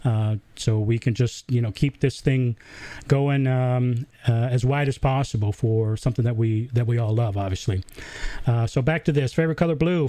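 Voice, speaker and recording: Man, Southern accent, livestream host, casual halting chat, mid pitch, dry room. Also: mellow, no echo. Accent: Southern American. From American South. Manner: chatty, halting, lots of uh fillers.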